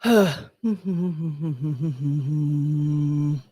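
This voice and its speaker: A woman's voice: deep voice, steady tone, extremely slow, warm tone, husky, highs cut off. A young adult woman hosting a podcast, ranting in casual commentary and reading chat, with lots of fillers. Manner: chatty, exasperated, ranting with many fillers. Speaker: podcast host.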